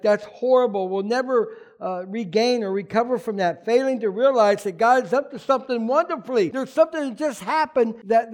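Man, pastor, sermon, high-pitched, animated, questions to congregation.

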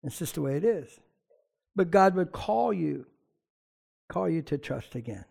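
A man preaching a sermon to his church in a lively, conversational way, with chatty asides. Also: on the high side, measured pace, gravelly. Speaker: pastor.

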